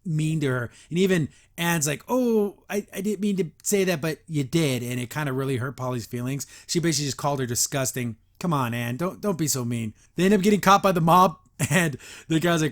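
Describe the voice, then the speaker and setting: A man hosting a casual episode review, chatty and quick to laugh, with lots of filler words. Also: fairly high pitch, expressive. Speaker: host.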